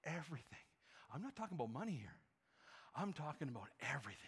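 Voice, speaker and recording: Man preaching, pastor, bright forceful voice, rhetorical questions, call-and-response. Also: a little high, big pitch swings, quick pace, breathy edge. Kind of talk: sermon.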